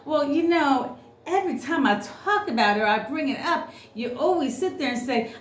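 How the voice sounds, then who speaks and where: A woman's voice: sits high, sing-song, moderate pace. A woman giving an unscripted tarot reading, ranting bluntly and cursing freely. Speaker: tarot reader. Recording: roomy echo, faint noise.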